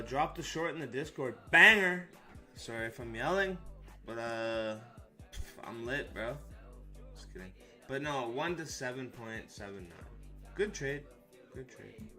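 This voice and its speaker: A man's voice: medium pitch, sharp tone. A man hosting a live trading stream, chatting casually in a joking, hyped, slangy way with some swearing. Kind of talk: casual live-stream chat over charts.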